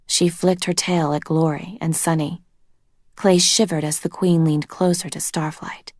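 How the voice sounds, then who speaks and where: Steady slow woman reading a storybook aloud, low and even. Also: no echo, studio quality. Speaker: reader. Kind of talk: storybook read-aloud narration.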